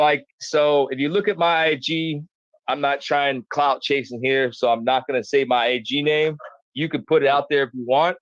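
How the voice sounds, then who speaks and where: A man's voice: medium pitch, dry recording. A man, a podcast guest, telling a story in a rambling, profane, repetitive way. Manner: profane, rambling, repeats himself. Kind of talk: casual storytelling. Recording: dull dry lo-fi sound.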